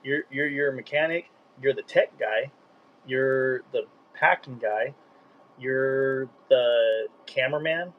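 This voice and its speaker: A man who is a live streamer, rambling in a casual interview and getting animated when excited. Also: medium pitch, takes it slowly, narrow, tinny audio, a little hiss or hum.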